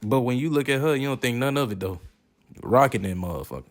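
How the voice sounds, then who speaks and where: A man's voice: mid-range voice, fast, over loud music. A man giving casual, joking and profane commentary while reviewing movies. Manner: profane, joking, animated reactions.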